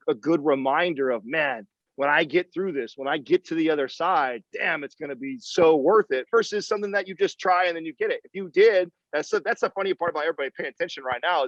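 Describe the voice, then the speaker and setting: A man's voice: on the high side, no echo, highs cut off. A man speaking as a podcast guest in casual interview talk, candid and emphatic and swearing freely.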